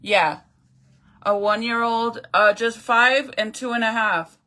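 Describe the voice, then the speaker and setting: A woman's voice: a little high, a little slow, bright, forceful tone. A woman talking straight to her viewers in casual storytime commentary, blunt and chatty, swearing freely as she retells a family dispute. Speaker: vlogger retelling a viral video.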